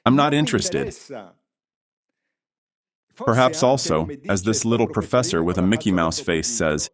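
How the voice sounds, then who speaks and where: A man's voice: on the low side, lively intonation, measured pace, a crowd in the background. A man with an Italian accent giving an impassioned, indignant lecture at a conference, ranting and swearing at times. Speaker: conference speaker. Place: theatre with audience.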